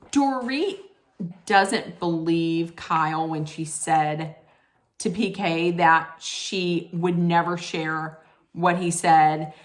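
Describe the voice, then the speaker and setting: A woman's voice: lowish voice, fairly bright tone. A woman hosting a casual TV recap, chatty and rambling, often correcting herself mid-sentence. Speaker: host.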